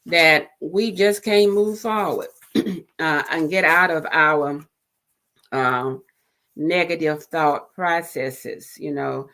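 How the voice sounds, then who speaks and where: A middle-aged woman with a low-pitched voice hosts an encouraging talk show. She speaks gently, pausing with fillers and restarting her sentences.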